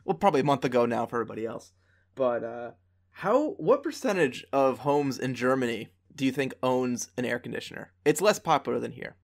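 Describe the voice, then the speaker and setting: A man co-hosting a podcast, playful and quick to laugh, stammering a little when he jumps in. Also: medium pitch, animated, gravelly. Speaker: podcast co-host. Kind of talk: casual podcast chat.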